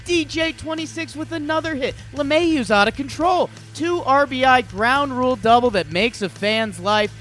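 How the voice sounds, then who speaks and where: A man putting on a British accent to read a brisk over-the-top game recap like a sportscaster. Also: very high voice, a bit bright, faint music behind, pitched above the performer's own voice. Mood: hammy, excited. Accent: put-on British.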